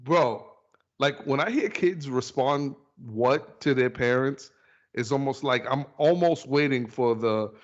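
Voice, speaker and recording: A man hosting a podcast, telling animated stories in casual chat and acting out other people's lines. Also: mid-range voice, unhurried. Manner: animated storyteller, acts out kids' voices. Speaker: podcast host. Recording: dull lo-fi podcast audio.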